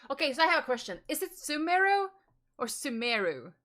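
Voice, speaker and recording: A woman streamer doing casual let's-play commentary, talking in a profane, animated and joking way. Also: high voice, very fast. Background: game music.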